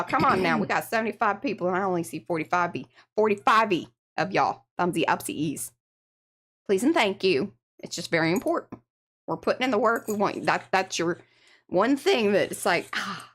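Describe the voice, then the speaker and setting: A woman's voice: mid-range voice, expressive, a little fast, fairly bright tone. A woman hosting an art livestream, chatting casually and greeting viewers by name. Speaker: livestream art show host.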